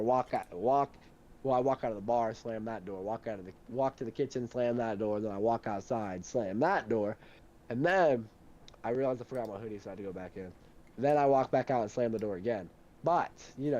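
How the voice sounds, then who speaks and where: A young man telling a heated story in casual chat, animated and swearing a lot. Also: medium pitch, a little fast, dull audio.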